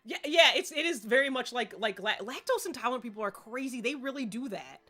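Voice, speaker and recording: A woman's voice: fairly high pitch, lively intonation, brisk, pushed and bright. A woman chatting casually while streaming a game, rambling and laughing often. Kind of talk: casual live-stream gaming chat.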